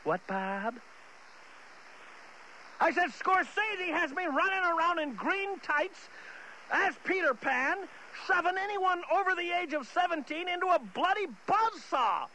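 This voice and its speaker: A man's voice: extremely high pitch, bright, forceful tone, a little hiss or hum, voice pushed up, full character voice, rough recording. A man voicing an unhinged, boastful male movie star who rambles, stammers and keeps restarting his sentences. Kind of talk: comedy sketch impression.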